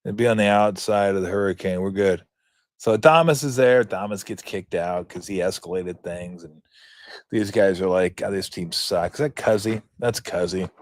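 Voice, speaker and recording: A man's voice: low-pitched, moderate pace, no room sound, studio quality. A man in his fifties hosting a sports talk show, commenting in a rambling, joking, profane way. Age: 50s.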